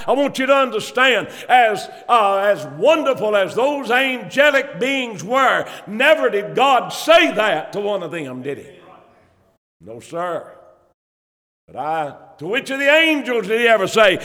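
In a church with long reverb, a man with a high, slightly bright voice and lively intonation preaches at an unhurried pace. He quotes scripture in old King James wording with fervent, rising emphasis.

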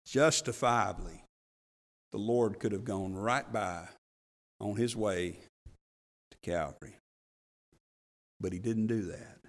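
A middle-aged man preaching a sermon as pastor, telling the story with animated voices. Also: fairly low pitch, slow, long pauses, in a large hall.

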